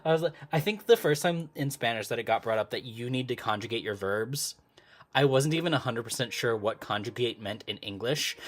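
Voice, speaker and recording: A live-stream host chatting casually with viewers while crafting at home, easily sidetracked and laughing often. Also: mid-range voice. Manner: talks to live chat. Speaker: livestream host.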